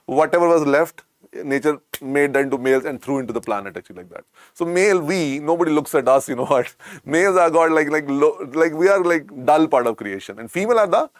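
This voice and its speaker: A man with an Indian accent and a croaky voice teaches an online medical lecture, repeating points and coaxing students. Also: on the high side, animated, a little fast. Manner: repetitive, coaxing, calls students "beta".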